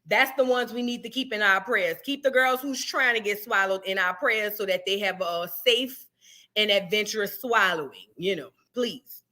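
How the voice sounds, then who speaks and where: New lady chatting on her stream, bright sharp voice, slangy and animated. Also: mid-range voice, normal speed. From New Orleans, USA. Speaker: livestream host. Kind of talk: casual livestream chat.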